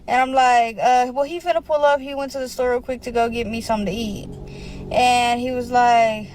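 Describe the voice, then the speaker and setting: A woman's voice: high voice, steady tone, normal speed, slight background noise, poor audio. A woman casually telling her own story, rambling, with slang and a lot of filler words.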